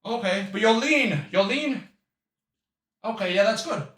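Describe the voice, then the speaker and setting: A man's voice: high-pitched, expressive, unhurried, a bit bright, echoey room. A man streaming live, trading insults and mocking his opponent with repeated taunts. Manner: brash, mocking, repetitive taunts. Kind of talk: trash-talk banter on a live stream.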